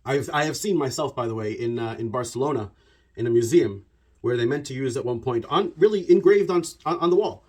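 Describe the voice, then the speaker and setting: Brisk and chatty, this man holds forth as a religious commentator in a freewheeling monologue. His mid-pitched voice is slightly husky, and he keeps it animated while wandering off on tangents and stacking repeated words for emphasis.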